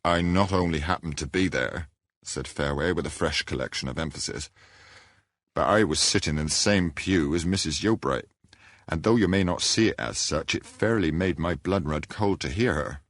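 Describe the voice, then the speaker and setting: A man voicing a solemn rustic villager who tells his tale with grave, deliberate emphasis. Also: very deep voice, fairly bright tone, no echo, clean studio sound, exaggerated voice. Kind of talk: audiobook character reading.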